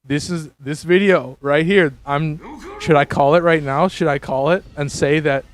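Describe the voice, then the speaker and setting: A man livestreaming a game and chatting casually with his viewers, rambling with many restarts and sudden excited jumps in pitch. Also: normal speed. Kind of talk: casual livestream chat with viewers while gaming.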